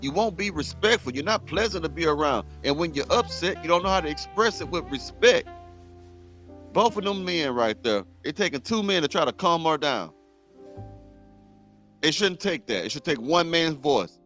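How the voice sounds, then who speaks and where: A man's voice: on the high side, animated, normal speed, fairly bright tone, faint music behind. A man hosting a reaction show, ranting bluntly and heatedly at a clip he is playing. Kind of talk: commentary rant.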